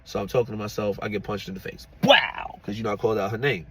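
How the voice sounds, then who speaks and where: A man's voice: on the low side, fast, sharp tone, slight background noise. A man telling a personal story in a casual storytime, chatty and laughing, often checking in with "you know what I'm saying".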